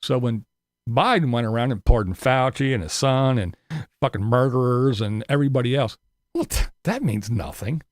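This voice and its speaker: A man's voice: medium pitch, very animated, moderate pace, no room sound, clean studio sound. A man ranting profanely on a casual live stream, sarcastic and mocking. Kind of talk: casual livestream rant.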